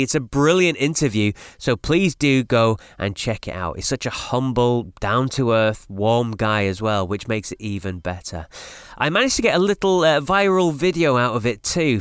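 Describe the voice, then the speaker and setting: A man's voice: mid-range voice, a bit bright, smooth, dry recording, studio quality. A man hosting a podcast, enthusiastically introducing an episode. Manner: enthusiastic, promotional. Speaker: podcast host. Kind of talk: scripted show introduction.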